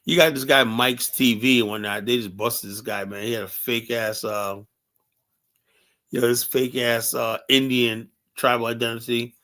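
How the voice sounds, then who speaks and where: A man holds forth as a show host, rambling and blunt, with plenty of profanity. He keeps breaking off to ask a co-host whether he agrees. His pitch sits in the ordinary middle for a man. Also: fairly even intonation, moderate pace, bright, forceful tone. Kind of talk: casual opinionated monologue.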